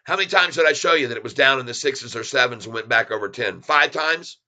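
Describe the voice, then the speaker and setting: A man's voice: mid-range voice, animated, fast talker, bright, forceful tone. A man hosting a casual stock livestream, chuckling often as he reads the chat aloud and talks straight to viewers.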